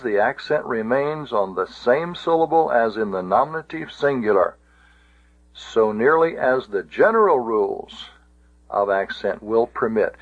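A man teaching a grammar lesson, slow and methodical, spelling out letters and repeating words for his students. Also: medium pitch, highs cut off. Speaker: Greek teacher. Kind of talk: recorded classroom lecture.

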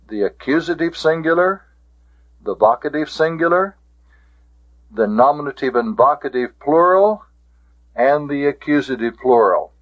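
Slow, methodical male language teacher. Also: medium pitch. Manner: deliberate and methodical, repeats key terms. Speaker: Greek teacher. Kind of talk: classroom lecture. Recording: dull lo-fi lecture recording.

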